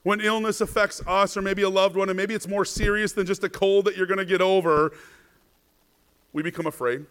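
Guy preaching a sermon, pretty high voice, lots of "right?" and stammery repeats, goes quiet then loud. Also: flat delivery, fairly quick, smooth. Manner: rhetorical questions, frequent "right?", stammered repeats; swings between soft, hushed passages and louder bursts. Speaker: pastor.

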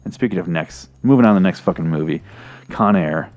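A man's voice: low-pitched, fairly quick, a little mellow, dull audio. A man hosting a movie review show, rambling in an exasperated, profane rant. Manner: rambling, exasperated, swears freely.

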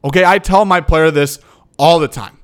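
Young guy coach doing a hyped motivational podcast rant, kinda high voice, keeps saying okay. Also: normal speed. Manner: fired up, emphatic, repeats "okay?". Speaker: podcast host and football coach.

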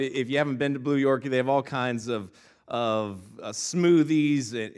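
Inside a church sanctuary, a thirty-something male pastor opens his sermon with a comical personal tale full of word repetitions before getting into scripture. His voice is medium in pitch with a fairly bright tone.

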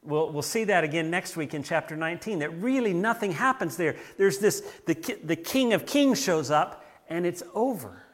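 Pastor type, man raised in the American South, slightly high voice, earnest preaching with repeated restarts. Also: lively intonation, moderate pace, few pauses. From southern United States. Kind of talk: sermon.

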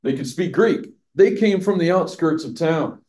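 Mellow-voiced man teaching scripture. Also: fairly high pitch, lively intonation, normal speed. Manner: conversational, asks the audience questions, laughs at own jokes. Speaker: pastor teaching a Bible study. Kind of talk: verse-by-verse teaching.

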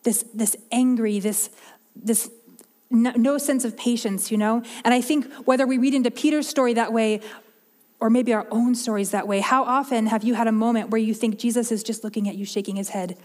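A woman's voice: on the high side, steady tone, a little fast, darkish tone, in a large hall. A woman preaching a sermon in an earnest, heartfelt way, often restarting and repeating her words.

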